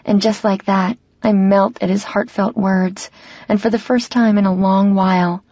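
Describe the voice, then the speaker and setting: A woman's voice: mid-range voice, fairly even intonation, moderate pace, dark tone, no room sound. A woman reading a romance audiobook in an intimate first-person style, slightly muffled and dry. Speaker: audiobook narrator. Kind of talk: scripted narration of a romance novel.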